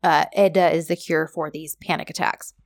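A woman co-hosting a casual chat, animated and laughing often as she acts out lines. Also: deep voice, moderate pace, creaky, no room sound, clean studio sound. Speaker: podcast co-host recapping a TV drama.

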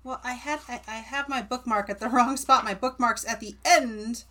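A playful young American woman trades wry jokes while co-hosting a book podcast. Her voice is notably high. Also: steady tone, normal speed, a crowd in the background. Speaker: podcast co-host. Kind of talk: casual book-club chat.

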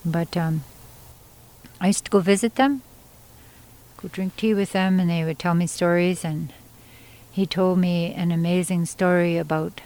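A woman storyteller from Yukon, Canada, telling a traditional story in an unhurried, conversational way with pauses and asides. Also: lowish voice, steady tone, darkish tone, low-quality recording. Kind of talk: oral storytelling.

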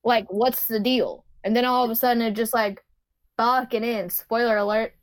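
A woman's voice: a little high, steady tone, normal speed, dry recording. Blunt, opinionated woman. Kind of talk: casual chat.

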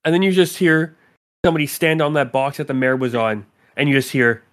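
A man's voice: fairly high pitch, a little fast, a bit bright. A man narrating as game master of a tabletop game, in a casual, rambling way. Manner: casual, lots of "like" fillers.

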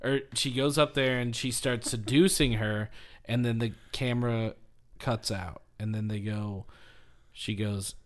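A man's voice: medium pitch, steady tone, a little slow. Man retelling wrestling stories on a podcast. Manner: storytelling, retelling wrestling plots with quoted voices. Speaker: podcast co-host. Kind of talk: casual comedic podcast chat.

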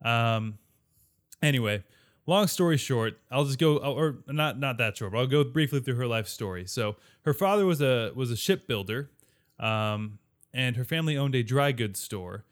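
A man's voice: mid-range voice, lively intonation, moderate pace. A man co-hosting a podcast in casual chat, rambling, correcting himself as he reads along and laughing easily. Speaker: podcast co-host.

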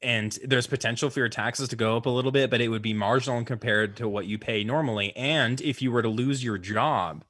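A man's voice: medium pitch, brisk, few pauses, a bit bright, no echo. A man co-hosting a casual political podcast, rambling with many fillers and restarts. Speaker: podcast co-host.

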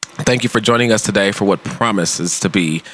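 A man's voice: on the low side, moderate pace, fairly bright tone, a little hiss or hum. A man hosting a casual podcast chat, upbeat, laughing often as he reads out plugs and addresses. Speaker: podcast host.

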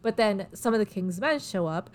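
A young woman casually retelling a story as a podcast host, irreverent and giggly, often slipping into quick character voices. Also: mid-range voice, lively intonation.

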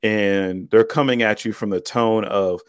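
A man co-hosting a podcast in casual chat, explaining his points in a relaxed, plain way. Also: lowish voice, a little slow, clean tone, dry recording, clean studio sound. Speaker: podcast co-host.

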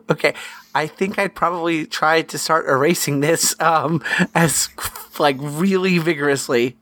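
A man playing a tabletop role-playing game, chatty and quick to laugh. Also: a little high, fairly bright tone, dry recording. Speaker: player. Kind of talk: casual tabletop play.

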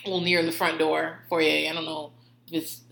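A woman's voice: low-pitched, level tone, normal speed, creaky, fairly bright tone. A woman telling rambling, profane stories in a casual way, laughing often. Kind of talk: casual storytelling. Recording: roomy echo.

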